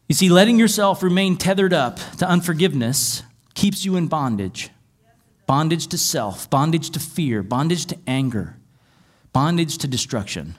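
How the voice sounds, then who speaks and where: A man's voice: a little high, expressive, normal speed. A man preaching a sermon as pastor, reading scripture aloud and explaining it conversationally with wry asides.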